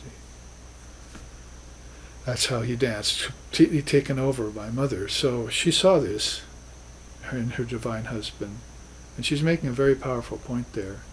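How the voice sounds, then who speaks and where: A man's voice: mid-range voice, normal speed, slight background noise, low-quality recording. A man teaching a class on spiritual philosophy, talking in an earnest, reflective way with emphatic bursts. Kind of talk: recorded class lecture.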